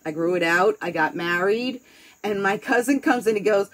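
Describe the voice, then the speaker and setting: A woman with a New York accent talks in a loose, rambling afternoon chat. She is blunt and candid, and profanity drops easily into her sentences. Her voice sits at an ordinary middle pitch. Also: normal speed, fairly bright tone, poor audio. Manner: candid, rambling, swears freely. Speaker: host. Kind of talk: casual chat.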